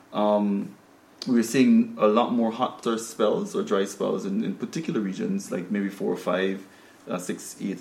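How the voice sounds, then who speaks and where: A man's voice: on the low side, creaky, a little mellow, roomy sound. A man with a Guyanese accent hosting a studio panel discussion, talking conversationally with frequent fillers and restarts. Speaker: talk show host.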